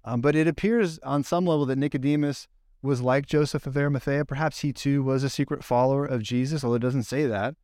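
A man preaching a casual, conversational sermon, telling the story with lively acted-out quotes. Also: medium pitch, fast talker, dry recording, studio quality. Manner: animated storyteller, acts out quoted lines. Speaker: pastor.

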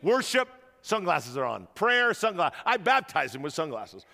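A man preaching a sermon to a church crowd, telling stories in an animated way and rousing the audience, in a large auditorium. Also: fairly high pitch, moderate pace, creaky, long reverb tail, slight background noise. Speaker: guest pastor.

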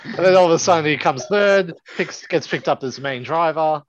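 A man's voice: fairly high pitch, moderate pace. A man in casual podcast chat, rambling and hesitant. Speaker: podcast co-host. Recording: dry dull lo-fi.

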